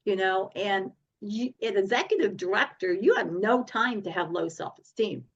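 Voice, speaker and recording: A woman guest telling her story in a podcast interview, animated and laughing often. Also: mid-range voice, moderate pace, husky, lo-fi sound. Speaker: guest speaker and coach.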